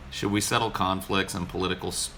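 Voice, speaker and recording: Deep and sharp-toned, this man co-hosts a podcast and tells a story casually, sounding exasperated and swearing often. There's slight background noise.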